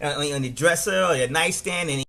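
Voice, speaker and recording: A middle-aged man with a New York accent, giving a casual, animated business training talk and often restarting his words. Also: on the high side, moderate pace, creaky. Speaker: network marketing trainer.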